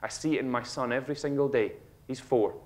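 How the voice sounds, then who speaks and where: A man in his thirties with a Scottish accent, giving a humorous motivational talk on stage and acting out a child's lines with animated storytelling. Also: mid-range voice, fast. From Scotland. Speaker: speaker. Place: auditorium stage.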